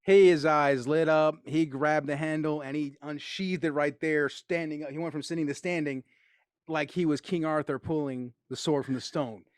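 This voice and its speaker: Excitable male interviewer telling stories. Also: on the high side, moderate pace, dry recording, studio quality. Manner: excitable storyteller, acts out quotes, laughs often. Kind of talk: casual interview chat.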